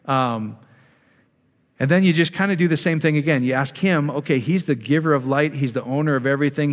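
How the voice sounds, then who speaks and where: Man coaching a group in an echoey hall. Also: medium pitch. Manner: conversational, coaching, asks the audience questions. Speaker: ministry speaker leading prayer. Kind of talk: informal teaching to a live group. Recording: long reverb of a hall.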